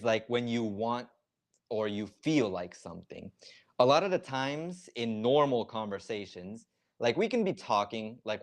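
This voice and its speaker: Low-voiced man chatting on a live stream. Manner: chatty, explains words step by step with many fillers. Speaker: streamer explaining slang. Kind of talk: casual live-stream reaction chat.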